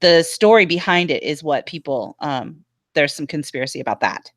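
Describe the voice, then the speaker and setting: A woman's voice: low-pitched, expressive, normal speed, fairly bright tone, no echo. Woman hosting a chat panel, bouncy up-and-down voice, super dry close sound, eager and agreeable. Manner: enthusiastic, agreeable. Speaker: panel host.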